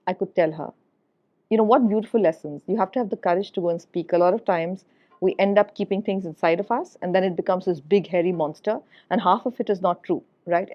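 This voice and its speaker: Earnest woman telling stories, lo-fi. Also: mid-range voice. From India. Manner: earnest, repeats words for emphasis, frequent "you know". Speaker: guest, HR executive. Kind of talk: reflective podcast storytelling. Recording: dull lo-fi podcast audio.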